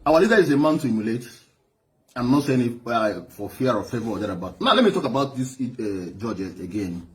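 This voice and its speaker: A man with a Nigerian accent, an Igbo speaker, telling stories to an audience in an animated way, often repeating words. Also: mid-range voice, a little fast. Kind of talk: storytelling speech.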